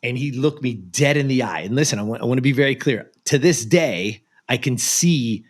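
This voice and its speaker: Male interview guest from the US, animated storyteller, average pitch. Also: normal speed. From United States. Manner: animated, acts out the voices of people in his story. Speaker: guest, productivity and life coach.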